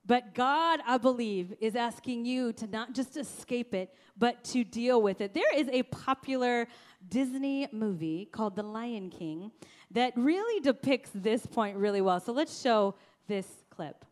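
A woman pastor preaching a sermon, telling stories in an animated way and speaking directly to the congregation. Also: fairly high pitch, a little slow. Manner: animated storytelling, addresses congregation.

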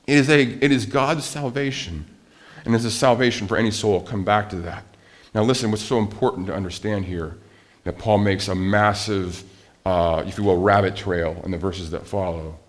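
A man preaching a sermon as a pastor, animated, with rhetorical questions and swings from loud emphasis to quiet asides. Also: lowish voice, brisk.

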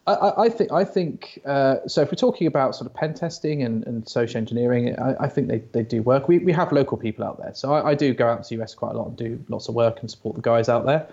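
A man's voice: mid-range voice, fast talker, gravelly, few pauses, darkish tone, highs cut off. A British man chatting as an interview guest, often stammering and restarting, telling stories. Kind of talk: casual interview chat.

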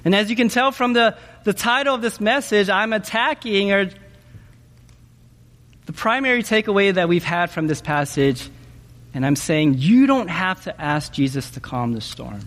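A man preaching a sermon in an animated way, often asking his listeners questions and checking in with them with "okay?". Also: high voice, moderate pace, in a large hall. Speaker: pastor.

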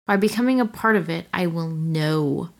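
Woman co-reading a story aloud, playful, takes the dialogue slow and keeps asking questions. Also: on the low side, animated, gravelly. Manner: playful, asks questions, reads her part slowly. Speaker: co-reader of a story. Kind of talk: casual reading aloud with banter.

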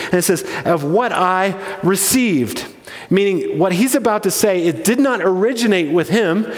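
Guy preaching in a church, kinda high voice, leans hard on the big points, lots of hall echo. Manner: emphatic, slows down to stress key points. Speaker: pastor. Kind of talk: sermon.

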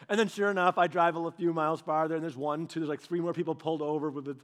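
Animated high-voiced man preaching casually. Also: fast, few pauses. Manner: animated, acts out quoted voices; conversational, with filler "like" and restarts. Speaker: pastor. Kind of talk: casual storytelling sermon.

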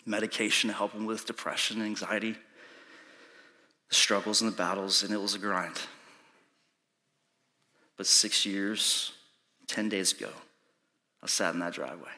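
A man preaching a sermon, telling a personal story with urgency, sometimes hushed and sometimes pleading. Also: lowish voice, fairly even intonation, moderate pace, pauses often. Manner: urgent pleading, rising to shouting in reenacted moments; soft and hushed when recounting prayer. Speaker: pastor.

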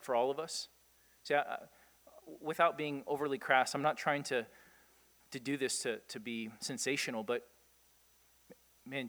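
A man preaching a sermon, animated, asking his listeners rhetorical questions and chuckling often. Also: medium pitch, in a large hall. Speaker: pastor.

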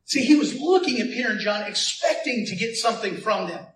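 A man preaching a sermon as pastor, animated, with call-and-response to the congregation and playful asides. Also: high-pitched, brisk, roomy sound, far from the mic, slight background noise, rough recording.

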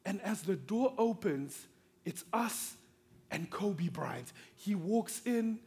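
A man from Africa preaching a sermon through a personal story, animated and swinging between hushed tones and excited shouting. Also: high voice, takes it slowly.

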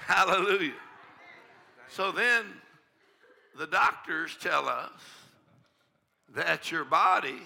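A man's voice: high-pitched, expressive, slow, vocal fry, long pauses, bright, forceful tone. Exuberant laughing preacher man. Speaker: pastor. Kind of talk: charismatic sermon. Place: church sanctuary with congregation.

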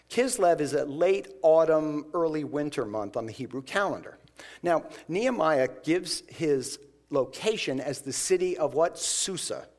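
A man with a fairly high voice preaches a sermon. He talks in a loose, conversational way and acts out the voices of the people in the passage. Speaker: pastor.

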